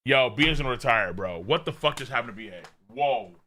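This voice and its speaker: A young man hosting a live stream where he reacts to a manga, excitable and cursing freely as he reads character lines aloud. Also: medium pitch, a little fast.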